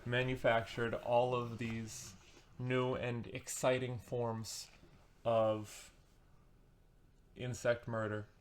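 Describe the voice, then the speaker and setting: A man's voice: medium pitch, flat delivery, slow, slight background noise. A man giving a casual, sarcastic and rambling book review as a vlogger, with comic asides.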